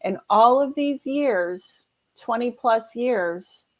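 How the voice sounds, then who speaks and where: A woman's voice: a little high, expressive, slow pace, darkish tone. A woman guest, an herbalist, chatting casually and acting out the people in her stories. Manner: storytelling, acts out quotes. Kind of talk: casual chat.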